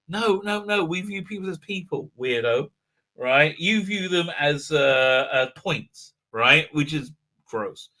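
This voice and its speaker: A man's voice: on the high side, lively intonation, measured pace, sharp tone. A man hosting a live stream, ranting sarcastically with many filler sounds. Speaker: host.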